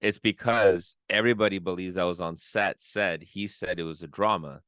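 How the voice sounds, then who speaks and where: A man's voice: sits low, normal speed, clear, resonant tone, dry recording, studio quality. A man co-hosting a podcast, telling stories casually with lots of fillers. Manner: relaxed storytelling with frequent fillers. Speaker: podcast co-host.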